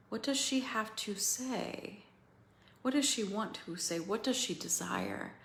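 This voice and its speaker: A woman coaching other women through a feeling practice, slow and pausing, candid and swearing now and then. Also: medium pitch, roomy sound. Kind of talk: guided emotional coaching talk.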